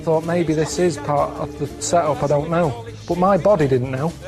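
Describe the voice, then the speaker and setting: A man on a comedy talk show, telling a story in a deadpan, plain-spoken, rambling way. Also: a little high, moderate pace, over music. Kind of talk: casual storytelling chat.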